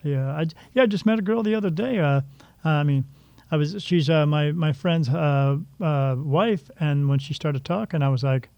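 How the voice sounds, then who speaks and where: A man with a slightly high, gravelly voice hosts a spiritual podcast in loose, jokey chat. He rambles and leans on filler words. The recording is dry and a bit dull, as if through a lo-fi mic. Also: a little fast, mellow, no room sound. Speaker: podcast host. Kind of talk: casual chat. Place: Delaware.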